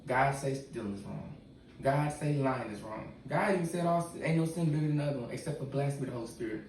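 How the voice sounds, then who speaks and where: A man speaks frankly in relaxed, slangy talk as a podcast guest. He sits well away from the mic in a very echoey room. A faint hiss of noise runs under the voice. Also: medium pitch, quick pace, recorded from a distance. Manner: candid, talks in casual slang. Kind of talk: casual podcast conversation.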